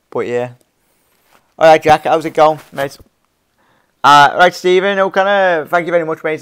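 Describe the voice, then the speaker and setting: A man's voice: medium pitch, a bit bright, clear, resonant tone. A young man hosting a casual live stream, reading viewer comments, rambling with frequent laughs and restarts. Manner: rambling, laughs often, many restarts, calls viewers fella and mate. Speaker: fan channel host.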